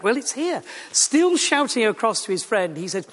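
A man's voice: sits high, sing-song, normal speed, a bit bright. A middle-aged man with a Yorkshire accent preaching a sermon in a church, earnest and conversational with wry asides. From Yorkshire, England. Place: church or large hall. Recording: long reverb of a large hall.

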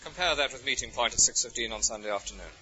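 An English preacher delivers his sermon with a bright, forceful edge. He leans on rhetorical questions, lifting high with feeling and then dropping to near a whisper. The recording is muffled and lo-fi. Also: quick pace. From England. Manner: expressive, rhetorical questions, swings from soaring to hushed. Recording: dull lo-fi recording.

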